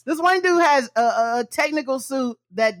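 A man co-hosting a podcast in casual chat, animated and profane, acting out what others said. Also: very high-pitched, normal speed, no room sound, studio quality. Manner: animated, profane, mimics others mid-story. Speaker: podcast co-host.

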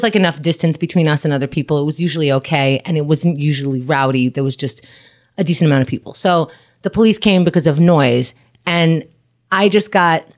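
Brief: woman with a low voice, blunt and profane, casual chat storyteller.

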